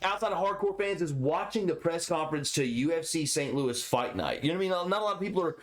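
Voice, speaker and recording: A man co-hosting a casual fight-reaction chat, animated and profane. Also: fairly high pitch, fast talker. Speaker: podcast co-host.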